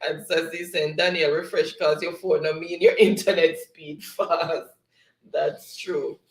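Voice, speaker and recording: Jamaican male co-host, higher voice, chuckles through chat readouts. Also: little pitch movement, a little slow, roomy sound. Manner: giggly, reads viewer comments aloud. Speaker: live show co-host reading chat. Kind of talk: casual live-stream chat.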